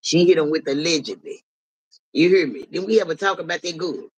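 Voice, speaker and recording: A man runs a casual livestream and answers his viewers' comments out loud. He talks bluntly and swears freely, with an animated edge to his fairly high voice. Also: brisk, husky, rough recording. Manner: blunt, profane, animated, talks back to chat. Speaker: livestream host.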